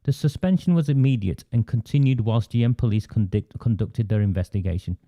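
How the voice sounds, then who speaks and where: A man with an Oldham accent, hosting an online political show over a video call, talking in an animated, indignant way with many restarts. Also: medium pitch, brisk. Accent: Oldham, Northern English. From England. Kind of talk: conversational video call discussion.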